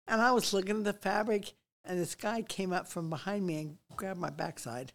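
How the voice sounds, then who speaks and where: A woman's voice: mid-range voice, normal speed. An older woman, a missionary guest, telling personal stories and exhorting listeners in an outspoken, emphatic way. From United States. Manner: outspoken, emphatic, animated retelling.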